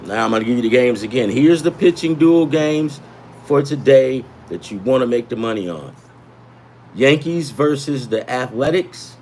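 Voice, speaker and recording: A man's voice: medium pitch, expressive, normal speed, darkish tone, slight background noise. A man hosting a sports betting livestream, rambling and repeating himself as he gives emphatic tips and chats with viewers. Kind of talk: casual livestream talk.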